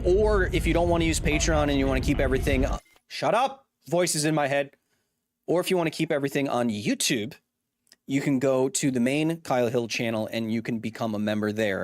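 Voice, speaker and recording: A man's voice: medium pitch, no room sound, clean studio sound. A man in his thirties live-streaming a game, chatting to his audience in a goofy, self-deprecating way. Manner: goofy, self-deprecating, riffs silly bits. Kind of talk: live gaming stream chat.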